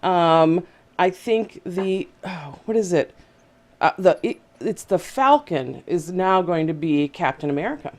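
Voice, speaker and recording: A woman's voice: lowish voice, lively intonation, a little slow, a little mellow. Chatty woman hosting a video chat. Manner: chatty, hesitant, many fillers. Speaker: host. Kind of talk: casual video chat show.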